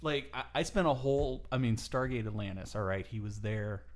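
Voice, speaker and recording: A man's voice: mid-range voice, fairly quick. A man co-hosting a podcast in casual chat, joking and hesitating, often restarting his sentences. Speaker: podcast co-host.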